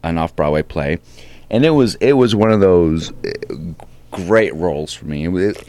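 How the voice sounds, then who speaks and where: Man, comedian guest: deep, dry-miked voice, animated anecdote delivery with voiced quotes. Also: moderate pace, no echo. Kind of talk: casual storytelling interview.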